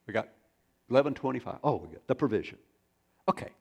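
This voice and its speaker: Gravelly-voiced man preaching a sermon. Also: mid-range voice, fast talker. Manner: folksy storytelling with rambling asides. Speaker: pastor.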